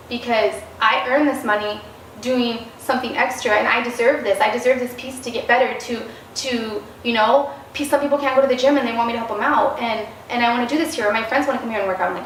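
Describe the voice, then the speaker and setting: A woman's voice: on the high side, brisk, a bit bright. A woman guest in a casual interview, telling stories animatedly and acting out the quoted dialogue. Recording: roomy, distant mic, faint noise.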